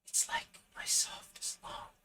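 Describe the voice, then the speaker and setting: In a whispered role-play, this is an ancient, gentle wind spirit that speaks in a breathy hush, put on by a man reading a storybook aloud. The voice is soft and airy, tender rather than eerie. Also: fairly high pitch, level tone, normal speed, pitched above the performer's own voice, lightly acted, rough recording.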